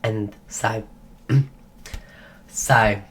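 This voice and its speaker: A woman hosting a livestream, telling a story casually and breaking off to greet viewers, acting out quotes in a higher voice. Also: steady tone, drawn-out words, breathy edge. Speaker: livestream host.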